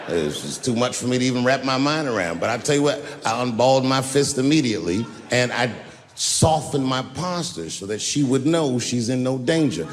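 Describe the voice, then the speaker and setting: A male stand-up comedian telling stories live, animated and leaping into high shouted punchlines. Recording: live hall with long reverb, faint noise.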